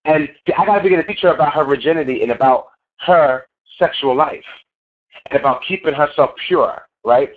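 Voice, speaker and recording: A man's voice: fairly high pitch, a little fast. A man giving a motivational sales training talk in an emphatic, preachy way, repeating his key phrases. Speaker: network marketing trainer. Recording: tinny phone line.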